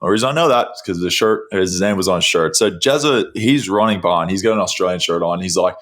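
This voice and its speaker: Male podcast host, lower voice, lively storyteller. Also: fast. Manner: animated storyteller, laughs often. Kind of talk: casual chat.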